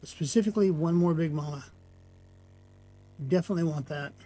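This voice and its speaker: A man giving casual gameplay commentary as a channel host, chatty and self-deprecating, quick to apologize for his slips. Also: on the high side, dark tone.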